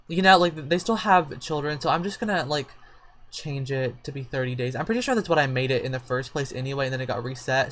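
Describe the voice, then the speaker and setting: A young man giving casual gameplay commentary, gushing and excitable, gasping often and chatting to viewers in sassy slang. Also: a little high. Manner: gushing and excitable, frequent gasps and exclamations. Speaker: gaming YouTuber.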